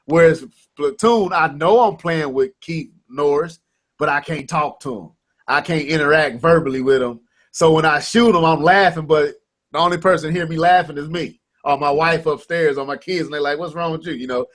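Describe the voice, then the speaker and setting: A man's voice: on the high side, normal speed. A man in his thirties co-hosting a gaming podcast, telling stories animatedly with lots of restarts and quoted banter. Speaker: podcast co-host. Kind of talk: casual gaming podcast chat.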